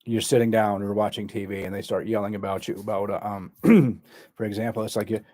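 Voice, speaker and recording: A man working as a therapist, explaining a communication skill in a halting way, full of fillers and restarts. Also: fairly low pitch, level tone, darkish tone, no room sound, clean studio sound.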